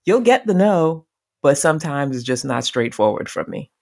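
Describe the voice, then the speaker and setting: A woman's voice: sits low, moderate pace, gravelly. A woman co-hosting a casual chat show with her sister, telling stories with frequent laughter. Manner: laughs often, animated storytelling. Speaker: podcast co-host.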